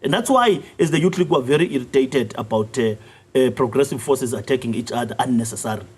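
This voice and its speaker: South african guy in a news interview, husky voice, pushes hard, keeps clearing his throat. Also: lively intonation, fast. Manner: assertive, rises in pitch when pressing a point, frequent throat clearing. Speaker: youth league secretary general, interview guest. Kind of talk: political interview, argumentative.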